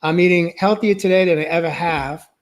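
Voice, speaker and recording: A man's voice: high voice, a little fast. A man in his late fifties on a podcast video call, talking earnestly and stumbling over his words. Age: 50s. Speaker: podcast co-host. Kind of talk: casual panel chat.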